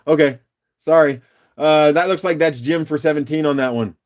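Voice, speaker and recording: A man's voice: fairly high pitch, moderate pace. A man hosting a casual live-stream rock auction, upbeat and chatty, calling out bids and laughing often.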